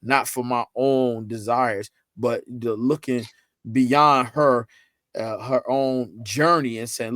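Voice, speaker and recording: A man speaking chats as a podcast guest. He tells stories with energy and jumps his voice up when he quotes family and friends. The sound is close and dry, with no room echo. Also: slow pace. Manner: animated storyteller, acts out quotes with rising pitch. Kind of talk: casual podcast conversation.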